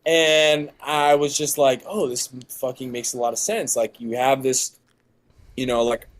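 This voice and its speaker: A young man, a podcast guest, telling stories in casual chat, animated and swearing a lot. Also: medium pitch, unhurried. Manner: animated, heavy swearing, laughing often.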